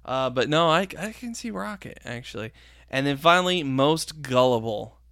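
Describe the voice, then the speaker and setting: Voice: mid-range voice, animated, moderate pace, a bit bright, clean tone, dry recording, studio quality. Upbeat podcast host running a countdown. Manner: upbeat, runs the list, rambles in restarts. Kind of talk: casual chat.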